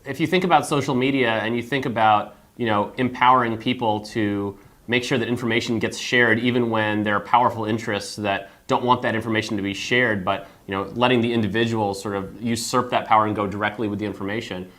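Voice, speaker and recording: A man's voice: lowish voice, fairly even intonation, fairly quick, few pauses, a bit bright. A man chatting casually on a tech panel, talking in long, flowing sentences.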